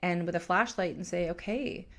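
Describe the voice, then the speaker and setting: A woman co-hosting a podcast in casual, profane chat. Her voice is gravelly and sits a little low. She talks bluntly, like a coach who swears and laughs as she goes. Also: moderate pace, a bit bright. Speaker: podcast co-host.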